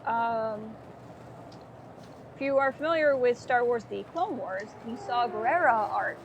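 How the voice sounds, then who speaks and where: A woman's voice: on the high side, measured pace, noisy background. A woman streaming a video game, chatting casually and with amusement as she plays. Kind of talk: casual gameplay commentary. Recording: game music behind voice.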